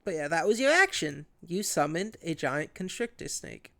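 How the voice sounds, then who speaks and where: A man narrating a tabletop game as game master, describing the scene in a slow, deliberate way. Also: fairly high pitch, very animated, vocal fry, sharp tone, dry recording.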